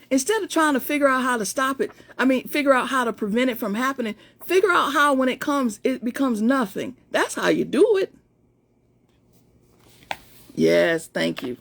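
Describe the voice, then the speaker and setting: Gravelly-voiced woman, excitable coach. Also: high voice. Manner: excitable, chatty, addresses listeners directly; reads her own pep talks with rising emphasis. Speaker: motivational coach. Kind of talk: casual live stream chat with followers. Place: at home, indoors.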